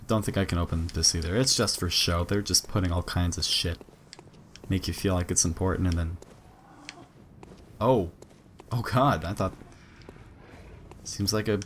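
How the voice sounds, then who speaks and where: A young man giving casual, excitable commentary while playing a game, swearing and yelping during fights. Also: fairly low pitch, slight background noise. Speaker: gaming let's-play host.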